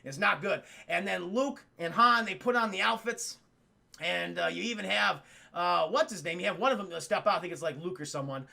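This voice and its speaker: Gravelly, high-voiced young streamer. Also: male voice, normal speed. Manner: animated, profane, rambling. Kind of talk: casual movie retelling to stream chat.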